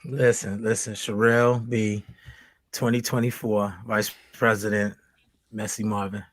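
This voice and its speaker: A man's voice: fairly low pitch, little pitch movement, unhurried. A man joking around in casual podcast banter. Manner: joking, laid-back banter.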